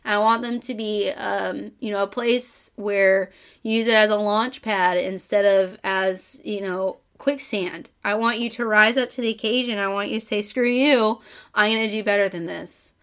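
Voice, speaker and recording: Woman podcast host, emotional and choked up, earnest motivational monologue, halting with fillers. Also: medium pitch, fairly even intonation, fairly bright tone, clear, resonant tone. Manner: earnest, pep-talk delivery with repeated calls to action; frequent fillers and restarts.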